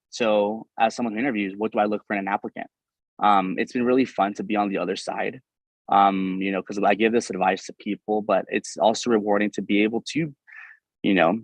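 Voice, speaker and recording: A young man giving a fast, energetic, informal webinar talk on medical school applications, with many fillers and restarts. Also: lowish voice, gravelly, no room sound, poor audio. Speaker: medical school admissions advisor and presenter.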